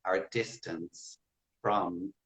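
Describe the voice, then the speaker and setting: A man with an Irish accent, a guest in a casual interview, explaining and demonstrating accents in a measured way. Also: deep voice, steady tone, a bit bright, rough recording. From Ireland. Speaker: guest language expert.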